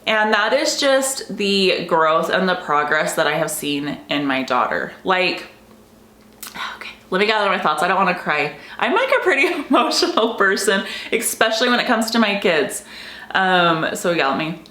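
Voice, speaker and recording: A woman's voice: on the low side, animated, normal speed, pushed and bright, reverberant. A young woman and homeschooling mom vlogging in a casual chat, gushing and emotional, saying "like" constantly. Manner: chatty, heavy use of "like", emotional and gushing.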